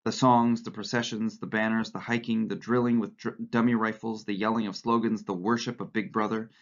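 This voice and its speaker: A male teacher reading a novel aloud to his class in a steady voice, with brief asides and small slips. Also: fairly low pitch, a little fast. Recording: slightly dull lo-fi recording.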